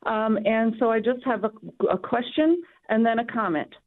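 Woman caller, somewhat high voice, tinny phone line, hesitant and giggly. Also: moderate pace. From northern US.

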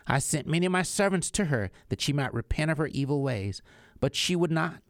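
A man reading as Jesus, solemn and measured. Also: fairly high pitch, expressive, dry recording, clean studio sound. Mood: tender.

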